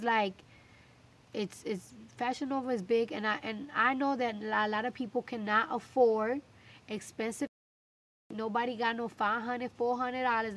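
Animated young woman with a New York accent. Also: a little high. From New York City. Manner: animated, emphatic, talks in quick bursts with street slang. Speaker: interview guest, recording artist. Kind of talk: casual interview chat.

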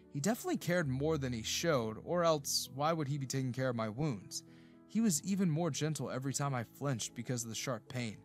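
Expressive male story narrator. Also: mid-range voice. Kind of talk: first-person romance story narration.

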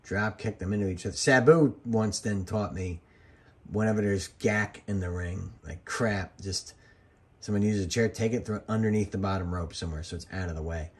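Husky low-voiced man commentating. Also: normal speed. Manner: rambling, jokey, drifts into side stories. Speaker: former wrestling referee commentating. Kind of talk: casual commentary over old match footage.

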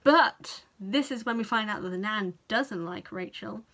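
A young British woman giving a casual film review to camera, chatty and animated, swearing freely and acting out the characters' reactions. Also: mid-range voice, measured pace. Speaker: vlogger.

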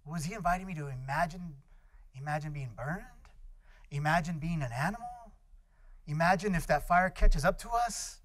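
A man's voice: on the high side, moderate pace, a bit bright. A middle-aged man giving a guest lecture, telling personal stories in a loose, anecdotal way with many fillers and acted-out voices. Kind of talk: storytelling lecture.

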